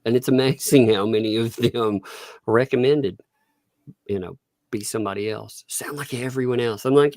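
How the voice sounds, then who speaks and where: A man with a Southern accent, co-hosting a casual live stream, relaxed and laughing often. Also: medium pitch, normal speed, dry recording. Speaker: co-host.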